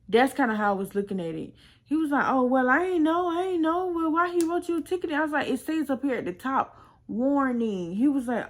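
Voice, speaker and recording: A young woman casually telling a personal story on her vlog, chatty and full of slang, often quoting what others said. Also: mid-range voice. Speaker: storytime vlogger.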